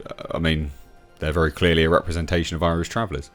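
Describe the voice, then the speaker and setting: Reading an article aloud, an English YouTuber scoffs at it with opinionated commentary, frequently laughing and starting over. He speaks quickly in a bass voice with a level tone, over faint background music.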